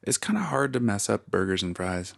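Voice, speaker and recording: A man with a very low, gravelly voice co-hosts a relaxed podcast. He talks in a laid-back, joking way and drifts into little tangents. The sound is dry and close, with no room around it. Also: brisk, dry recording. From United States. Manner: laid-back, jokey, goes off on small tangents. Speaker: podcast co-host. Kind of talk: casual chat. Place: lives in Calgary, Canada.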